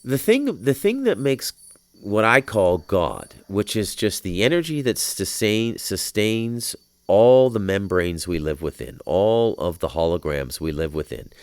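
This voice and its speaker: A very animated man with a lowish voice hosts a podcast, speaking a little slowly from an outdoor patio with no echo. His rambling spiritual monologue is heavy on swearing and keeps boiling over into heated outbursts.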